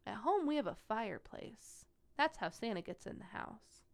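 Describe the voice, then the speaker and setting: A woman's voice: fairly high pitch, expressive, moderate pace, creaky. A woman voicing a young boy in a hospital bed who doubts that Santa can reach him. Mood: doubtful.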